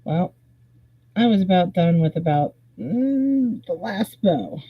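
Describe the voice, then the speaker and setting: A live stream host telling a rambling story in a casual, animated way, swearing freely. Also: medium pitch, slow, breathy edge. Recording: tinny phone-like audio.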